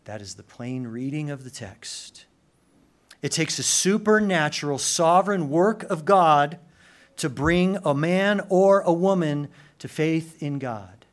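A man preaching a sermon, swinging from loud urgent emphasis to hushed intensity, with casual slang asides. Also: on the high side, animated, a little slow. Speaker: pastor.

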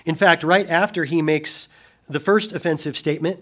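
Delivering his sermon in a fairly high voice, a male pastor dramatizes quoted speech with abrupt loud swells and slips into a soft, slow tone whenever he reaches something solemn.

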